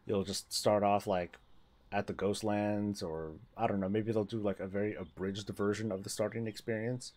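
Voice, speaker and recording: A man's voice: fairly low pitch, fairly even intonation, moderate pace, darkish tone. A man chatting casually on a gaming livestream, rambling, restarting his sentences and laughing often.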